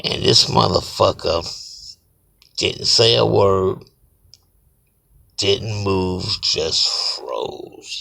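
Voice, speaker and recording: Gravelly Cajun man with a slow drawl. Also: low voice, bright, forceful tone, low-quality recording. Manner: drawling, keeps asking "you understand me". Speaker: storyteller vlogger. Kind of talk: casual profane storytelling.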